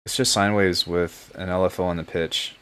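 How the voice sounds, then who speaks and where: Relaxed, low-voiced man chatting on a stream. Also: normal speed, clean tone. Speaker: music producer streaming live. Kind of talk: casual livestream chat. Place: at home.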